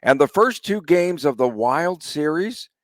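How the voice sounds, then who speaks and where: A man's voice: a little high, animated, unhurried, dry recording. A man hosting a sports podcast in casual chat, conversational and asking his co-host questions.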